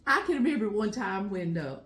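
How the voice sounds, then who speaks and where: A woman's voice: medium pitch, very animated, a little fast, fairly bright tone, roomy sound. An older woman, reminiscing at home in a heartfelt, emotional way that often breaks into laughter. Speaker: home vlog host. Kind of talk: personal reminiscing storytelling. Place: at home, indoors.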